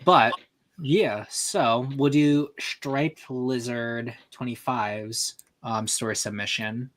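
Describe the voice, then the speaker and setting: A man's voice: mid-range voice, fairly even intonation, slow pace, a bit bright. A man hosting a livestream over online voice chat, chatting loosely and summing up a fan story with fillers and restarts. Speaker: livestream host.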